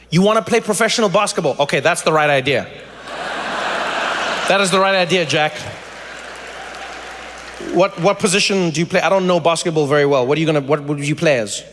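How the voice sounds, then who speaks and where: Man, 40s, stand-up comedian, high voice, animated, live stage mic, long hall reverb, faint crowd hum. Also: fairly quick, pauses often. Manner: animated, swings into high shouted voices for imagined people. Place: large theater stage. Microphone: handheld stage mic.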